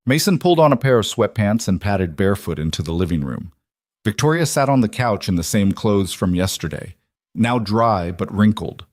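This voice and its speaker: Low-voiced man narrating a story. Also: expressive, moderate pace, no echo, clean studio sound.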